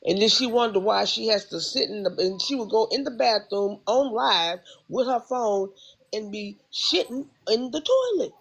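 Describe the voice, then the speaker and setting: A woman's voice: fairly high pitch, lively intonation, moderate pace, gravelly, breathy edge, rough recording. A woman venting heatedly on her livestream, repeating herself as she rants. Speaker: livestream host. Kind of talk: casual livestream rant.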